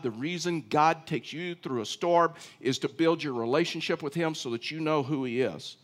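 A man's voice: on the high side, moderate pace, few pauses. A middle-aged man preaching a sermon in a conversational way, often repeating words and asking his listeners questions. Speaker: pastor.

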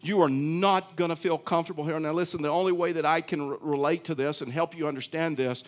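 A middle-aged pastor from Texas preaches a sermon in a Texan accent, his voice a little high, steady and fast. He tells folksy stories and acts out the dialogue.

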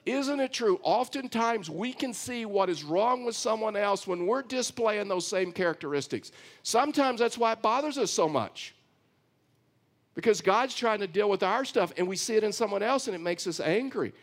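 Texan pastor preaching, slightly high voice. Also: male voice, expressive, normal speed. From Texas. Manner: conversational, storytelling, emphatic preaching. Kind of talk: sermon.

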